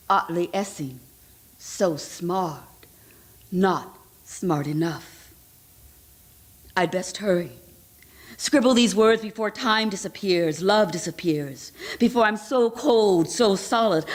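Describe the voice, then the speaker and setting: A woman voicing a dying German woman writer in her fifties, with a German accent and crisp, sharp consonants. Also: medium pitch, lightly acted. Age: 50s.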